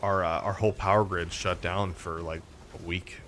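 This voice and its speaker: A man from Texas chats casually while he plays a game, his voice sitting on the lower side. He rambles through a story and restarts his sentences often, with plenty of fillers. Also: little pitch movement, moderate pace, fairly bright tone, slight background noise. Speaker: gaming streamer. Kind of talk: casual chat while gaming.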